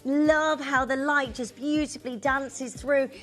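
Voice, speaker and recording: A woman's voice: high-pitched, steady tone, a little slow, a bit bright, soft background music. A woman co-hosting a live shopping channel sale, gushing over the jewellery and counting down the remaining stock. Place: TV studio.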